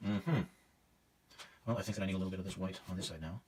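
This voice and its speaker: A man's voice: low voice, fast, a little mellow, recorded from a distance, slight background noise. A man teaching a painting demonstration, thinking aloud as he works, casual and self-critical with hesitant fillers. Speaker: art teacher.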